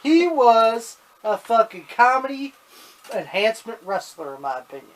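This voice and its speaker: A man with a notably high voice co-hosts a casual wrestling talk show. He rants bluntly and swears heavily. The tone stays loose and opinionated. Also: very animated, moderate pace. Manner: blunt, heavy swearing, ranting. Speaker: podcast co-host.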